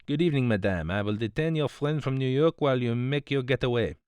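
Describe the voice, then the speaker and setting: A man's voice: medium pitch, fast, a little mellow, smooth, dry recording, natural voice. A man voicing a fussy, smug older detective, politely reproving, in an audiobook. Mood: smug, precise. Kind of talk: audiobook character voice.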